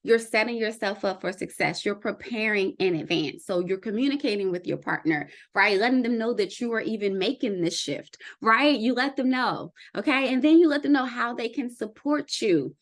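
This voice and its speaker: A woman vlogger giving casual wellness advice to camera, chatty and lively, often checking in with "right?". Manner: conversational, often ends with "right?"; lively, quick swings in pitch and loudness.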